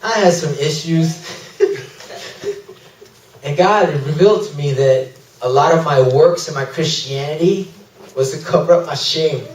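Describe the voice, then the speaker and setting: Animated man sharing a testimony in an echoey hall. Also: a little high, measured pace, long pauses, distant mic. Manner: animated storytelling, laughing through emotional moments. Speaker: missionary speaker. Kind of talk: testimony talk at a fellowship. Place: church fellowship hall. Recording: echoey room, speaker away from mic.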